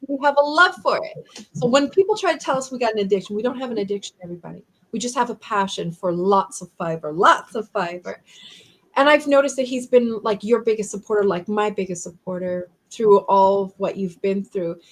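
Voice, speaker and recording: A woman's voice: medium pitch, brisk, rough recording. A woman hosting a live-stream chat, talking in an earnest, emotional and empathetic way. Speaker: host.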